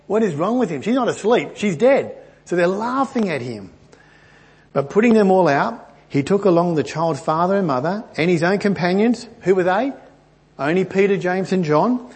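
Earnest husky preacher man. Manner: earnest and animated, often rising in pitch and volume. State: clearing a stuffy throat. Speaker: pastor. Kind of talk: Bible teaching.

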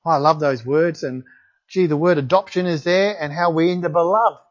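Aussie guy preaching, high voice, reads bible verses and gets excited, dull lo-fi sound. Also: brisk. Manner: enthusiastic, exclaims in wonder. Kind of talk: sermon with scripture reading. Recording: dull lo-fi recording.

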